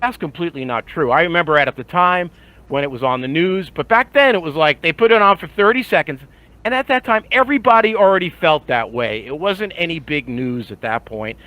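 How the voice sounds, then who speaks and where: An older man talking heatedly in a casual group chat, indignant and animated. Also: a little high, brisk, no room sound, low-quality recording. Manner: animated, indignant, mocks others with voices. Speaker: podcast panelist.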